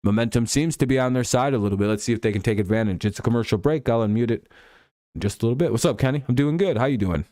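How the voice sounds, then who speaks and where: A man's voice: mid-range voice, rapid-fire, warm tone, dry recording, clean studio sound. Young male streamer, loose and profane, mocks and rants while chatting with his viewers. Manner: profane, ranting, mocking. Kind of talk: live game watch-along chat.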